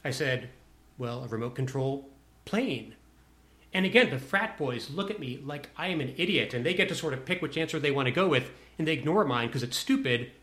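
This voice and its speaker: A man's voice: mid-range voice, expressive, a little fast, fairly bright tone. A man telling a personal anecdote to a listener in a wry, self-deprecating way.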